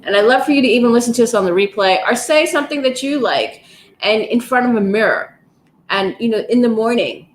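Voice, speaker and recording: Woman, gentle encouraging coach for a livestream session, mid-pitched, echoey room. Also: slight background noise. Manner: gentle, encouraging, slow and soothing. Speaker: wellness coach leading a live session. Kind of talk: guided stretching, breathing and affirmations. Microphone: livestream, device mic.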